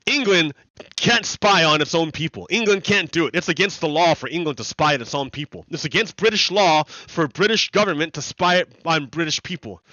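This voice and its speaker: A man's voice: fairly high pitch, normal speed, pushed and bright, no room sound. An American man hosting a livestream, giving casual commentary in a chatty way, laughing often and repeating his points. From United States. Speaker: livestream host. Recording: dry, slightly dull lo-fi sound.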